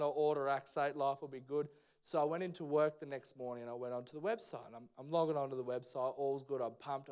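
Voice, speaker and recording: Aussie guy giving a sermon, chatty and slangy, kinda high clear voice. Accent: Australian. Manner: casual, slangy and animated. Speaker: preacher. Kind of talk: sermon with personal storytelling. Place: church service.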